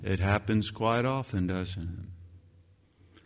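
A man preaching a sermon as pastor, emphatic, with his voice leaping up on key phrases. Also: slow pace. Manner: emphatic preaching that leaps higher and louder on scripture quotes. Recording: long hall reverb.

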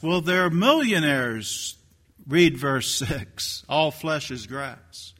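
A man's voice: a little high, expressive, very slow. Dramatic older man preaching in a hall. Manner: dramatic swings between hushed and shouting. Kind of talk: sermon.

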